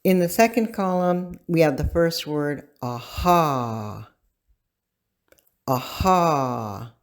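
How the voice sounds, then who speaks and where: A language teacher giving a recorded lesson, speaking deliberately and pausing so learners can repeat words. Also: mid-range voice, a little mellow, clear, resonant tone.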